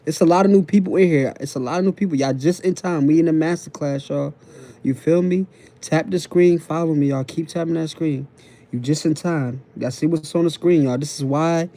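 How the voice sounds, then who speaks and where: A man lectures his live-stream viewers from his phone, repeating each point and asking if they follow. His talk is loose and slangy. The voice sits a little high but sounds very dark and mellow. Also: a little fast. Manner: repetitive, preachy, keeps checking in with the audience; casual slang and profanity. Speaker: TikTok live host.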